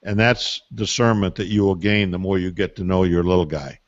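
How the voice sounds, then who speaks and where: A man's voice: sits low, steady tone, brisk, no echo. An older man, a parenting expert, giving advice on a call-in Q&A with folksy stories and emphatic asides. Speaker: parenting expert answering listener questions. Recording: dull, muffled call audio.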